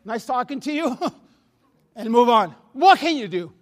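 High-voiced Spanish-accented man preaching. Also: big pitch swings, measured pace. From Latin America. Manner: repeats words and restarts, laughs at himself, storytelling. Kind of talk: sermon. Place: church sanctuary.

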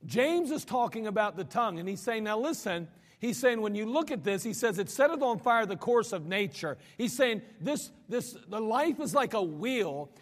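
Male preacher, high-pitched, dramatic sermon delivery with repeated words, long reverberant hall. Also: expressive, normal speed, hardly any pauses. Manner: dramatic preaching, sudden drops to low quiet lines; repeats words when building a point.

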